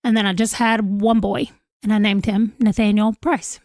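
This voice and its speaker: A woman's voice: medium pitch, little pitch movement, normal speed, a little mellow, no room sound. A woman, chatting casually on a livestream at home, giggling as she reacts to viewer comments. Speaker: livestream host. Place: home room, holding a pet.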